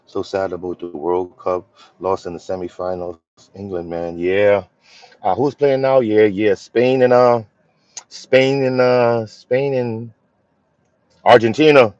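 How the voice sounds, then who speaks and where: A Philadelphia livestream host chats casually with viewers in a lowish, darkish voice, slow and fairly even in intonation, rambling easily with fillers and restarted sentences. The audio is dull and lo-fi, recorded dry on a phone with no room sound.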